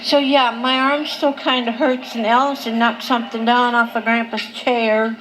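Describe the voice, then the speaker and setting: A vlogger on medication films herself casually at night in her living room with a handheld camera, loopy and drowsy. Her fairly high, level voice is slow, drawn out, and slightly slurred, and the home camcorder recording is noisy.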